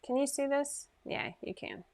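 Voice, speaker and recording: A woman's voice: high voice, wildly swooping pitch, moderate pace, gravelly, darkish tone. Chatty, self-deprecating woman livestreaming at home. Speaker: host of a sewing livestream. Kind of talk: casual livestream chat.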